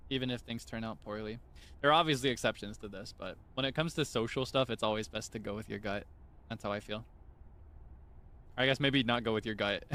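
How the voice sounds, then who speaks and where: A man's voice: fairly low pitch, bright, forceful tone. A young man streaming, chatting casually in a rambling, self-correcting way with frequent chuckles.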